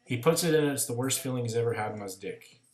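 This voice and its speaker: A man co-hosting a podcast, telling a crude joke at a steady, deliberate pace to sign off. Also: medium pitch, roomy sound. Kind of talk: casual chat, telling a joke.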